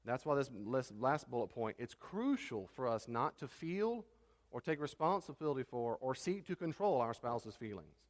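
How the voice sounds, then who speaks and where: A man's voice: medium pitch, big pitch swings, normal speed. A man preaching a sermon as a pastor, emphatic, acting out quoted spouses with sudden raised voices. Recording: reverberant hall.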